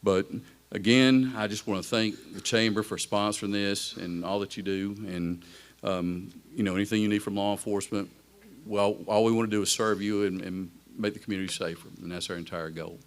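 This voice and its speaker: Smooth-voiced police chief. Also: male voice, fairly low pitch, steady tone. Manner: earnest, grateful, unhurried. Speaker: police chief giving keynote. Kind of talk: speech at a luncheon. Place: luncheon event room.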